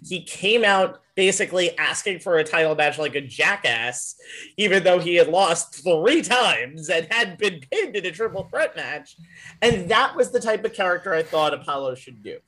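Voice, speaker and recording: A man co-hosting a podcast in casual chat, opinionated and animated, laughing often. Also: sits high, moderate pace. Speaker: podcast co-host.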